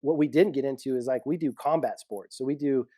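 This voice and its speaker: A man on a podcast, a security professional telling lively stories with frequent laughs. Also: mid-range voice, a little fast, dry recording, clean studio sound. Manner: animated storyteller, laughs often. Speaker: executive protection guest. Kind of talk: casual storytelling interview.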